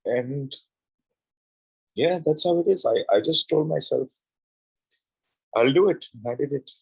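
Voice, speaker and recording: A man's voice: mid-range voice, normal speed, gravelly, breathy edge, no room sound, rough recording. A middle-aged man telling his personal story as an interview guest, heartfelt and repeating phrases for emphasis.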